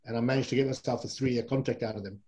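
A middle-aged man from England, a former rugby player, telling relaxed, rambling anecdotes as an interview guest. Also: medium pitch, racing, rough recording. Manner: relaxed, rambling, with fillers and self-corrections. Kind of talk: casual anecdotal storytelling.

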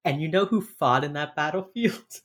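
A woman's voice: sits low, expressive, moderate pace. A woman co-hosting a casual podcast chat, rambling with many fillers and swearing as she acts out quotes from a show. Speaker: podcast co-host recapping a TV episode.

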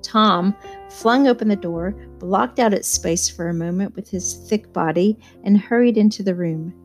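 Woman reading a novel aloud, soft guitar behind. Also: medium pitch, normal speed. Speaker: audiobook reader. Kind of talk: first-person novel narration.

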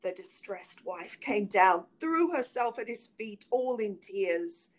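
A woman narrating an old fairy tale in an expressive, dramatic reading. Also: medium pitch, slow pace. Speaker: reader. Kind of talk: storybook narration.

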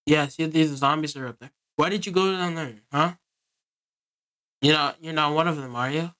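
A man's voice: fairly high pitch, normal speed, sharp tone. A man giving casual, rambling gameplay commentary and talking to his viewers. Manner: rambling, easygoing, talks to viewers. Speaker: gaming video creator.

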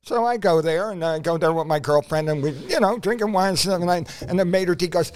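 A man with a fairly high voice spins loose, rambling stories on a casual podcast. He stops and restarts often, and his talk is full of fillers. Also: lively intonation, brisk, few pauses. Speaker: podcast co-host, prop comic. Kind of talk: casual storytelling chat.

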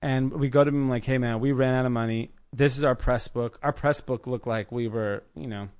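A man in his thirties from the Los Angeles area, a podcast guest telling his business story in a casual, animated way, acting out the people he quotes. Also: medium pitch, brisk, smooth. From United States, Los Angeles area. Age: 30s. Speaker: podcast guest, clothing brand founder.

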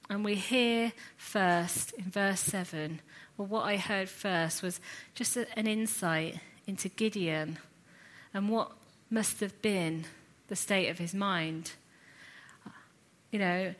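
A woman teaching a sermon series, retelling a scripture story in an earnest, reflective way with lively asides. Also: medium pitch. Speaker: Bible teacher.

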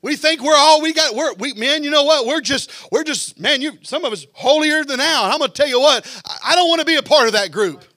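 A man preaching a fervent sermon as pastor, building to shouts and then dropping low. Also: animated, brisk, few pauses, no room sound, clean studio sound.

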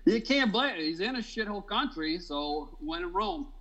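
A man's voice: sits high, animated, moderate pace, fairly bright tone, lo-fi sound. A man from Northwest Indiana co-hosting a podcast, teasing his co-host with blunt, crude jabs. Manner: blunt, teasing, short interjections. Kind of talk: crude casual chat.

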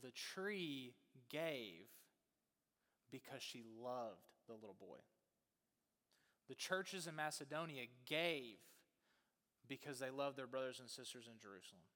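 A man preaching a sermon, telling a story in an animated way and acting out the voices. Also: medium pitch, a little slow, long pauses. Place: church sanctuary. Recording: long church reverb.

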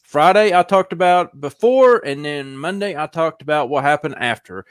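A man's voice: on the high side, animated, normal speed, clear, resonant tone, no room sound, clean studio sound. A man co-hosting a casual podcast, talking in an easygoing way and chuckling often. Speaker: podcast co-host and show producer.

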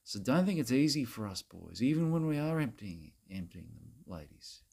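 A man's voice: medium pitch, very animated, normal speed, vocal fry, darkish tone, slightly rough, heavily acted. A man playing a crude, self-righteous Australian bloke who rants at women in a rambling, repetitive way, saying mate and bloody constantly. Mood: preachy rant. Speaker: comedy character monologue. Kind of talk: satirical rant to camera.

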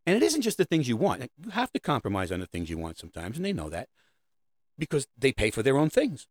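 A man's voice: medium pitch, huge pitch swings, fast talker, darkish tone. A middle-aged man delivering a rambling, sarcastic comedic monologue about parenting. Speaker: comedic host.

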